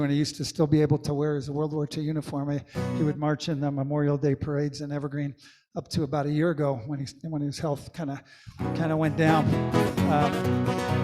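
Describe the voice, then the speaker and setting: Older guy singing and rambling jokes over his guitar, slightly high voice, long echo on it. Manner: rambling, chatty storytelling between songs. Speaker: singer-songwriter and comedy host. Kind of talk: live-streamed comedy music show.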